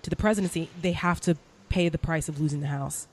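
A woman hosting a casual political talk, sarcastic and quick to laugh. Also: low voice, a little hiss or hum. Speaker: host.

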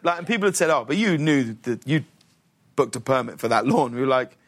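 A man, a talk show guest telling a long story in casual chat, animated and laughing often. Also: mid-range voice, a little fast.

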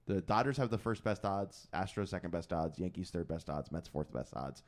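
Casting: lively male sports-podcast co-host, low voice with a wide swing, teasing energy. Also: moderate pace. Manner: animated, laughs often, teasing. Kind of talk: casual sports chat.

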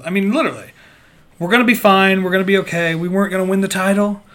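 A man co-hosting a casual sports podcast, blunt, joking and animated. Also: high voice, fast talker. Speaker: podcast co-host.

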